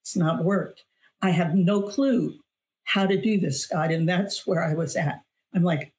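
A woman's voice: lowish voice, measured pace, darkish tone. A middle-aged woman, a guest on an interview show, telling a personal testimony in an earnest, emphatic way, often repeating phrases for weight. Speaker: guest, author and weight loss coach.

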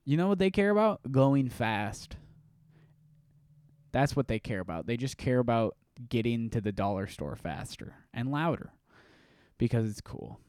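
A man's voice: medium pitch, lively intonation, unhurried, clean tone, no room sound, clean studio sound, close to an everyday voice. A man voicing a brash, scornful adult male cyclist who rants at the top of his voice. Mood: ranting. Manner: loud, ranting, scornful.

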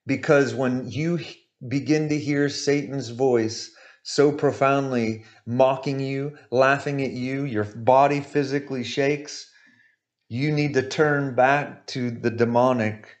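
A man's voice: mid-range voice, steady tone, slow pace. A male preacher giving an emphatic sermon, repeating his points and often asking "right?".

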